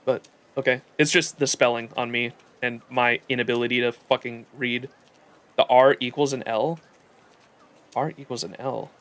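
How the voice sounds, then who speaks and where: A man's voice: medium pitch, steady tone, normal speed, a bit bright. A man streaming a game live, reacting casually and thinking aloud, with loose swearing and stumbling restarts. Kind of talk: live gameplay commentary.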